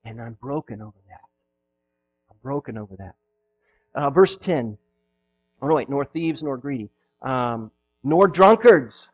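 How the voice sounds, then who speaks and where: A pastor preaching a sermon, acting out quoted voices and swinging between loud exclamations and hushed asides. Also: male voice, mid-range voice, lively intonation, unhurried, gravelly, pauses often, lo-fi sound, faint music behind.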